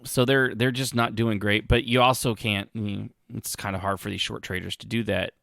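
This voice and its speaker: A man's voice: lowish voice, level tone, moderate pace, creaky, fairly bright tone, no echo, studio quality. A man hosting a podcast, rambling through casual commentary with sarcastic asides and frequent restarts. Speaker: podcast host.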